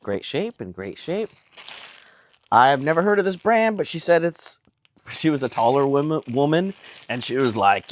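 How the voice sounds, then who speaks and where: A man's voice: mid-range voice, animated, moderate pace, slight background noise. A man with an American accent talking casually at home as he shows off his yard sale finds, rambling and amused at himself. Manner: chatty, rambling, self-amused. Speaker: reseller showing a haul. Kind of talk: casual vlog talk. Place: home indoors.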